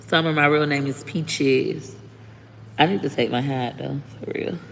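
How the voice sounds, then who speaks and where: A woman's voice: extremely low pitch, unhurried, vocal fry. A woman chatting casually to viewers on her live stream, talking bluntly and candidly, swearing freely and thanking commenters often. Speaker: livestreaming content creator. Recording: reverberant room with faint background noise.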